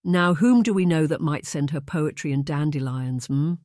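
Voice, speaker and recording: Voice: medium pitch, normal speed, darkish tone, no room sound, studio quality, close to an everyday voice. A narrator voicing a scolding, near-hysterical middle-aged mother in a period audiobook. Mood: accusing. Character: indignant middle-aged mother, shrill and theatrical. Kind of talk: audiobook character voice.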